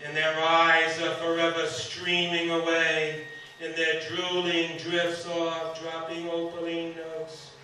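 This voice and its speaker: A man reciting spoken-word poetry in a slow, dramatic way, live on stage in a concert hall with improvised music. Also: a little high, completely flat delivery, bright, forceful tone, slight background noise. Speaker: poet performer. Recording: very roomy hall, distant mic, live music.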